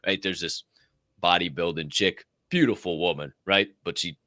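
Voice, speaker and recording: A man hosting a live podcast, chatting in a profane, animated way. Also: deep voice, normal speed, no room sound, studio quality. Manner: profane, animated, acts out quoted voices. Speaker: podcast host. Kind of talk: casual live-show chat.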